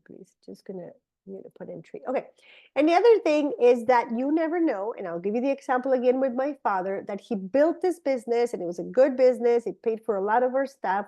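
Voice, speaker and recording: Eager woman pitching a business. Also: mellow. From Colombia. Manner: enthusiastic, persuasive, conversational. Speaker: network marketing presenter. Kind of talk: business opportunity presentation.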